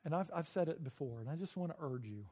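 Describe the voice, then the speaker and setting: A middle-aged man preaching a sermon, earnest and emotional, often halting and repeating words. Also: a little high, animated, mellow, husky. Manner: earnest and personal. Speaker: pastor.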